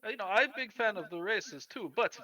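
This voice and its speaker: A man's voice: sits high, lively intonation, fairly quick, bright, forceful tone. A man voicing a brash, boastful sports star who speaks broken English, dropping his articles. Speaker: player.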